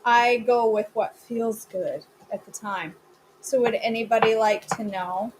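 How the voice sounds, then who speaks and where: A woman's voice: fairly high pitch, heavy background noise. A woman hosting a live cooking class from her home kitchen, chatting casually and answering viewer comments as she cooks.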